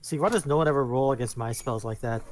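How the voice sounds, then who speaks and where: A man's voice: mid-range voice, fast, slight background noise. A man playing a tabletop game, wry and self-deprecating, thinking aloud with many hesitations. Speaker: player. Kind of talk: casual tabletop play.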